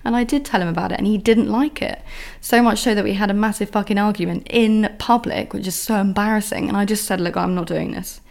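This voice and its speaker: A woman's voice: medium pitch, steady tone, brisk, creaky, a little mellow. A young woman hosting a podcast, telling a story in an exasperated, ranting monologue with heavy swearing. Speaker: podcast host. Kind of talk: candid solo monologue.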